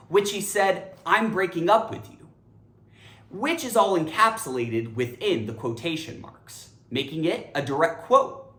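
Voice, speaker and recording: A woman's voice: on the low side, fairly bright tone. A woman teaching English grammar, upbeat and emphatic in a teacherly way. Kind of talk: educational explainer. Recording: echoey room.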